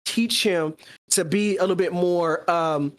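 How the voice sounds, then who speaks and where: A podcast co-host talking casually, excitedly retelling a story and acting out the quoted lines. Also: male voice, high-pitched, measured pace. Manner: excited, acts out quoted dialogue.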